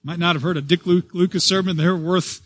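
A male pastor preaching a sermon in a slightly raised voice. He swells loud on key words, then falls soft, often circling back to restart a phrase. The sound is close and dry, with little room echo. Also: high voice, fairly even intonation, fairly quick. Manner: repeats and restarts phrases as he speaks.

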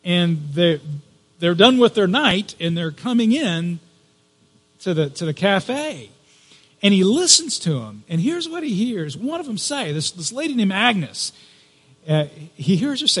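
A pastor telling a story from the pulpit, his fairly high voice trailing off into a long hall reverb. He talks in a relaxed, conversational way, stopping often to restart a phrase. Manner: conversational, halting with fillers and restarts. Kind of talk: sermon storytelling.

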